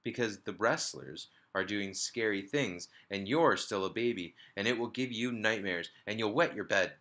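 A man's voice: lowish voice, a bit bright. A man voicing a bossy older sister who teases her little brother, reading a children's storybook aloud. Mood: taunting. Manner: taunting, drawn-out.

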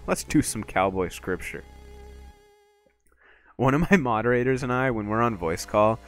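A man streaming a video game live, excitably talking himself through boss fights and swearing often. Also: fairly low pitch. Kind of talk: live gameplay commentary.

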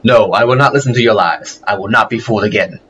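A man's voice: on the low side, fast, a bit bright, lo-fi sound, slight background noise, close to an everyday voice. A man voicing a proud stone guardian creature in a video game who speaks in stern, solemn declarations.

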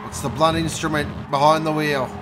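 Excitable man commentating races. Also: on the high side, a little fast. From Australia. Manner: excitable, jokey, bursts up loud at incidents. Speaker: race commentator. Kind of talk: sim racing commentary. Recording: noisy with engine sound behind.

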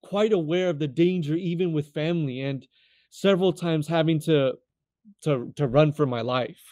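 A man in his thirties from California, telling his life testimony as a guest in an earnest, halting way, often repeating words as he restarts. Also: on the high side, darkish tone, no echo, clean studio sound. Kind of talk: personal testimony storytelling.

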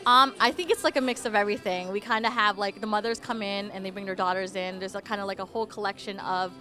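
A woman's voice: medium pitch, steady tone, quick pace, pushed and bright, soft background music. A woman store manager chatting casually about her shop in an interview. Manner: chatty, uses "like". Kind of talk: interview answers.

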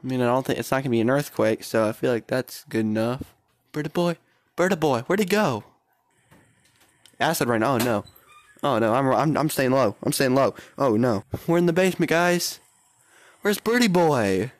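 A young man giving playful, excitable commentary while playing a VR game, often shouting and exclaiming. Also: mid-range voice, normal speed, no room sound, clean studio sound. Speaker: gaming YouTuber.

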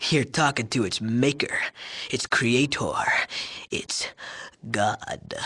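A man's voice: mid-range voice, a bit bright. An actor playing an arrogant, crude young male drug chemist in a video game, boastful and mocking. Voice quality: sneering, profane. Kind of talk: game dialogue.

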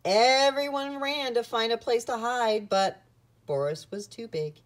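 A woman reading a children's picture book aloud with an expressive storytelling manner. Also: a little high, measured pace.

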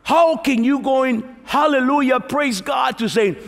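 Male pastor with a high voice, animated sermon delivery, long hall reverb. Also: unhurried, gravelly. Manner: animated, acts out prayers and asides to the congregation. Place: large church sanctuary.

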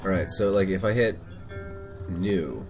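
A man chatting casually while playing a video game, joking irreverently with loud bursts. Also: low-pitched, unhurried, faint music behind. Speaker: game player and co-host. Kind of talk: casual gameplay chat.

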